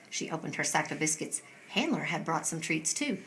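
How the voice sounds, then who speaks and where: A woman reading a children's picture book aloud with expressive narration. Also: sits low, brisk, hardly any pauses, a little hiss or hum. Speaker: storyteller. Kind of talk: storybook read-aloud.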